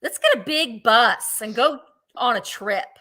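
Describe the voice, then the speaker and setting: A woman's voice: a little high, animated, unhurried, pushed and bright. A woman hosting a live vintage sale, chatting playfully and counting down bids. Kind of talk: live auction selling chat.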